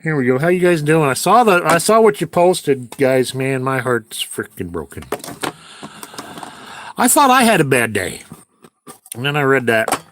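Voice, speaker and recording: A man's voice: medium pitch, sing-song, unhurried, long pauses, a bit bright, slight background noise. A man chatting casually on a livestream while he edits video, talking to himself and to his viewers as he works.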